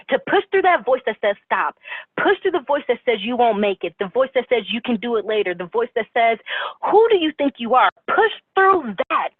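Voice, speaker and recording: A woman's voice: a little high, no echo. Rousing woman on a tinny phone line. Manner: rousing, emphatic, repetitive exhortation. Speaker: motivational speaker. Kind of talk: motivational team call. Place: conference call.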